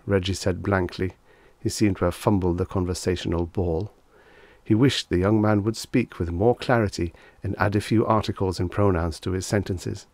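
A man narrating a vintage short story as an audiobook reader, in a measured, wry storytelling manner on a close mic. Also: deep voice, fairly even intonation, a little mellow, no echo.

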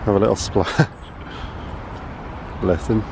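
A man's voice: fairly low pitch, slow, vocal fry. A young father chatting casually while filming a home vlog, often switching to a sing-song voice for his small child. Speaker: father vlogging with his toddler. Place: home kitchen, then outdoors by a canal. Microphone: handheld camera. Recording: noisy handheld camera audio. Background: appliances humming, then outdoor and traffic noise.

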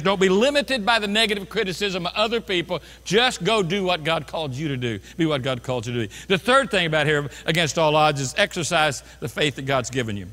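A pastor in his fifties preaching a sermon, swinging from quiet storytelling to loud crying out. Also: sits high. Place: large church sanctuary. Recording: long hall reverb in a church.

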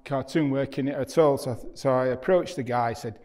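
In a university lecture hall, a middle-aged artist gives a public lecture built on anecdotes, telling stories in a chatty, self-deprecating way and acting out quoted dialogue. His voice is medium-pitched, fairly quick and darkish in tone.

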